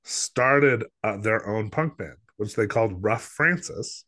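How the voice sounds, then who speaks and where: A podcast co-host with a lowish, sharp-toned voice speaks slowly but animatedly. In a casual film-review chat he rambles with plenty of filler words and acts out what other people said.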